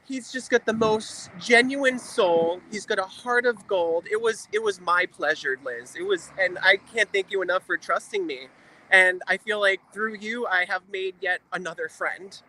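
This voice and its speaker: High, bright-voiced emotional man. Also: normal speed. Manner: emotional, repeats phrases for emphasis. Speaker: guest on a livestream. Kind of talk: earnest heartfelt talk.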